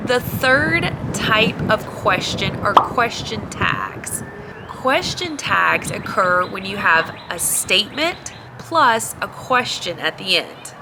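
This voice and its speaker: A woman teaching an English grammar lesson in a clear, encouraging, scripted delivery. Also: mid-range voice.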